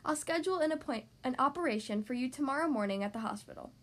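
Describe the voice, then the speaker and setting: A woman voicing a kind female bear doctor in a storybook, with a calm, reassuring manner. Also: sits high, fast.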